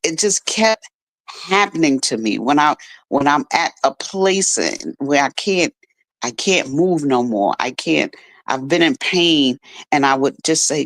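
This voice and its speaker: A woman's voice: sits low, expressive, measured pace, a bit bright, dry recording. A middle-aged woman, a radio guest, telling a personal story in an earnest, emotional way. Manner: earnest, emotional, restarts often. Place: radio studio.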